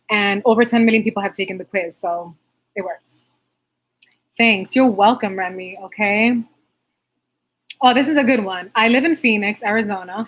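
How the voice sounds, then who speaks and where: A woman's voice: mid-range voice, fairly bright tone. A young adult woman, a makeup artist, answering viewer questions in a bubbly, chatty livestream style and laughing often. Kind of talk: casual livestream Q&A.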